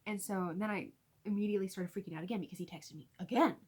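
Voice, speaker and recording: A young woman with a husky, slightly breathy voice tells a story to her viewers. She talks in a lively, animated way and keeps breaking into laughter. Her voice sits at an ordinary pitch for a woman. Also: fast talker. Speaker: vlogger. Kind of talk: storytime vlog.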